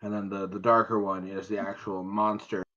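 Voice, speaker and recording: Low-voiced man on a dull mic. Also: level tone, moderate pace, bright, forceful tone. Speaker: player. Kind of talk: casual chat while playing a tabletop game.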